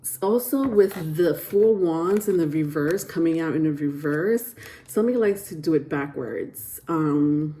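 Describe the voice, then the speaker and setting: A woman's voice: low-pitched, unhurried, warm tone. A woman giving a casual tarot reading to camera, chatty and rambling with lots of fillers and restarts, often breaking into giggles. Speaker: tarot reader.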